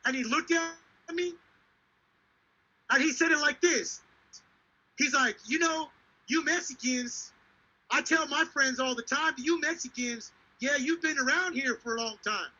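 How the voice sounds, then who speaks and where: Fired-up, profane man with a bright, high voice. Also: unhurried, long pauses. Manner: heated, profane, emphatic retelling. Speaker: show host. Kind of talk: live podcast storytelling. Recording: dull lo-fi sound.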